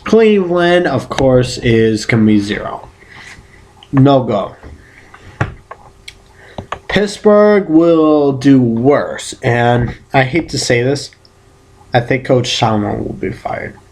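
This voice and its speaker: Man, casual vlog, unhurried delivery, rambling, self-correcting, playful outbursts. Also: mid-range voice, expressive, darkish tone. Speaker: vlogger giving football predictions.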